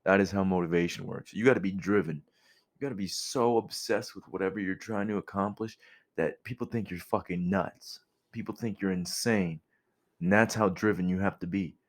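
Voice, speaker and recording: A young man giving a casual motivational monologue, blunt and profane, animated as he talks. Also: low voice, moderate pace. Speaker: vlogger.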